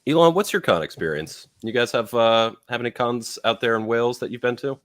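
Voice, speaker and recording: A man's voice: medium pitch, brisk, a bit bright, dry recording. A man co-hosting a podcast, talking in a rambling way with many fillers. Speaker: co-host. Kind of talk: casual podcast chat.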